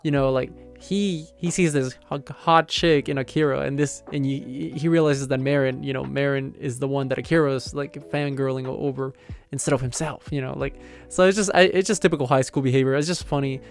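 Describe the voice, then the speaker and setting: A man's voice: mid-range voice, fairly even intonation, fairly quick, creaky, soft background music. A man casually recapping a manga chapter, rambling with lots of filler words and amused laughs. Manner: rambling, heavy on "like" and "you know" fillers; amused, laughs while retelling.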